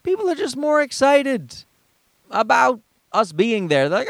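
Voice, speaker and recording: A man's voice: sing-song, moderate pace, vocal fry, dry recording. A man in his thirties telling rambling, profane stories in a casual monologue, acting out the people he quotes. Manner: profane, rambling storyteller who acts out quoted people in a high voice.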